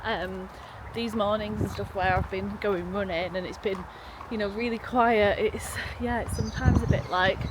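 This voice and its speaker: This vlogger is a young woman with a medium-pitched voice, fairly even intonation, and a normal speaking speed. She talks casually and cheerfully, poking fun at herself while she cooks at home and later while out walking. Loud sizzling from the kitchen and outdoor sounds fill the roomy, noisy recording.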